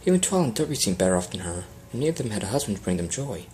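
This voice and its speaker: A man's voice: on the low side, very animated, very fast, dark tone, low-quality recording. Guy narrating fanfic, plain amateur reading, little slips, faint hiss. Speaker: fan fiction reader.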